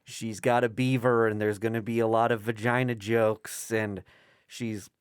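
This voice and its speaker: Low-voiced man chatting casually about comics. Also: unhurried, smooth, no room sound, studio quality. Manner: animated, joking, swears casually. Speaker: podcast co-host.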